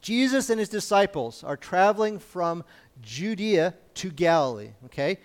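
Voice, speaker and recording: A man's voice: sits high, big pitch swings, moderate pace. A man preaching in a conversational Bible-teaching style, informal and often checking in with his listeners.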